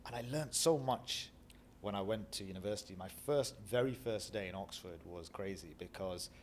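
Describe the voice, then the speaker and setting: A middle-aged Northern English man from Bradford tells life stories in an interview. His voice sits low, and he acts out the people he quotes. Faint background noise runs under the recording. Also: normal speed. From Bradford, England. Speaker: guest. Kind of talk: reflective storytelling interview.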